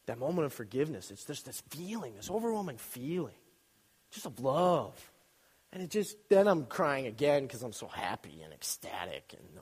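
Animated young man preaching in a reverberant hall. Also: on the high side, moderate pace. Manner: animated, joking storyteller with sudden loud bursts. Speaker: youth speaker. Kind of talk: casual sermon.

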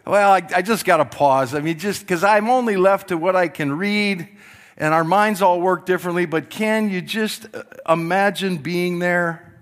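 A middle-aged man preaching a sermon, telling the story with animated delivery that swings from loud to hushed and acting out voices. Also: high voice, normal speed. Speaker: pastor.

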